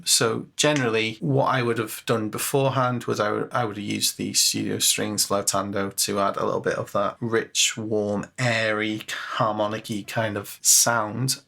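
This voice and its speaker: A man's voice: lowish voice, creaky, pushed and bright. A man giving a casual screen-share tutorial on composing music, chatty and self-mocking, thinking aloud with fillers.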